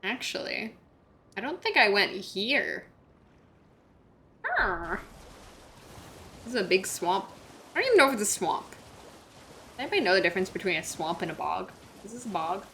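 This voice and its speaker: A woman's voice: medium pitch, sing-song, normal speed, long pauses, sharp tone, slight background noise. A woman streaming a video game, chatting casually with her viewers, joking and reacting aloud.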